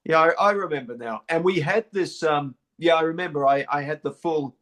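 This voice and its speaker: A New Zealand actor being interviewed talks casually, with a slightly high, fairly quick and fairly bright voice. He often repeats words, restarts his sentences, and says "you know" a lot.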